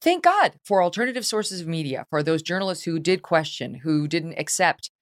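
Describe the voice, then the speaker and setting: Brief: low, expressive woman hosting a panel, blunt and teasing, dry close sound. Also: moderate pace, no echo. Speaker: podcast host. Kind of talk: casual panel chat.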